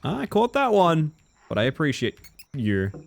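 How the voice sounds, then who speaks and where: This gravelly male voice sits fairly high and swoops wildly in pitch, unhurried. He's streaming a game live, talking casually with his audience, responding to chat and reacting to the action as he goes.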